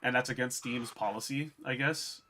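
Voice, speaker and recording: Male streamer, bright voice, casual profane gameplay chatter, talks to chat. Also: mid-range voice, moderate pace, a little hiss or hum.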